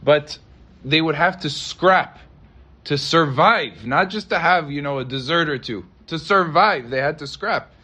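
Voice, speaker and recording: A man's voice: a little high, measured pace, bright, forceful tone, slightly rough. Man telling a dramatic sermon story. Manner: dramatic retelling, acting out voices in quotes. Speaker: rabbi.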